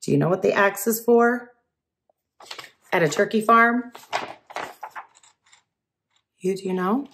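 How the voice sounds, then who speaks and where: A woman's voice: mid-range voice, slow, pauses often, a bit bright. Chatty woman reading aloud to kids. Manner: chatty, asks listeners questions, laughs often. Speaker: teacher reading to children. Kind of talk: picture-book read-aloud.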